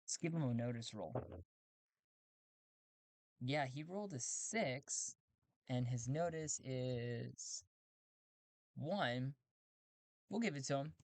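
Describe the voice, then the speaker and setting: A man's voice: medium pitch, expressive, takes it slowly, long pauses, a little mellow, no echo. Dry, close man musing through a solo game. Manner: musing, self-correcting, laughs often. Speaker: solo tabletop game player and narrator. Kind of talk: thinking-aloud solo game narration.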